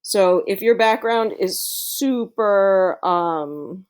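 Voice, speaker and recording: A woman's voice: mid-range voice, drawn-out words, a little mellow, clean tone. A woman teacher giving a screen-recorded tutorial to her students in a friendly, chatty way, with plenty of fillers.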